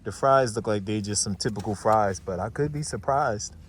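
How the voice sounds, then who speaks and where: A middle-aged man from New Jersey hosting a casual vlog on a handheld phone, lively and chatty, calling his viewers y'all. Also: lowish voice, moderate pace, slight background noise. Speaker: vlogger host. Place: restaurant and parked car. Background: music playing.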